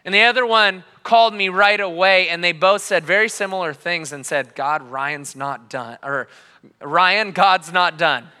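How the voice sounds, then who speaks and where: A man's voice: sits high, unhurried, clean tone. Passionate man preaching in a reverberant hall. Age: 30s. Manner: passionate storytelling, swings between quiet and loud. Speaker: pastor. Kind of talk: sermon. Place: church hall.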